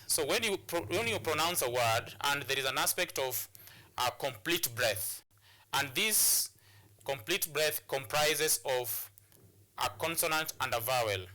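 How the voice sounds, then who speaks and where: Kenyan guy teaching on tv, very bright voice, lots of uh and repeats. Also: on the high side. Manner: repetitive, hesitant with many fillers. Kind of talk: televised classroom lesson.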